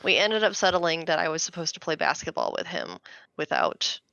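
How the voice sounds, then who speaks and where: A woman in her thirties co-hosting a podcast, telling a story in a casual, animated way. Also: low-pitched, brisk, vocal fry, no echo, highs cut off. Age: 30s. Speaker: podcast co-host.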